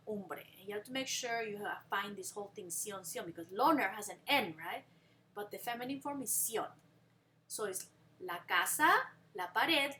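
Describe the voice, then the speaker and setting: A woman leads a recorded language lesson in a crisp, bright voice that sits a little high. She drills rhymes patiently and keeps asking whether the class follows. On the key example words she slows down sharply. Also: slight background noise. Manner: patient, drills rhymes and asks check-in questions. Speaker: Spanish teacher.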